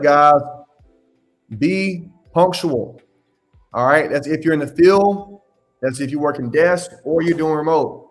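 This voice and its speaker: A man hosting a live question-and-answer stream, giving blunt, emphatic advice and scolding his viewers. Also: on the high side. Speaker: host answering live questions on insurance adjusting.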